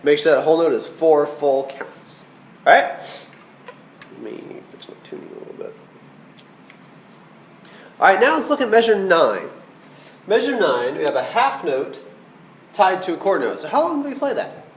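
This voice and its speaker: Man, music teacher, patient, checks in often, fairly high voice, echoey room with faint hum. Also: big pitch swings, normal speed. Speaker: band teacher. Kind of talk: recorded music lesson.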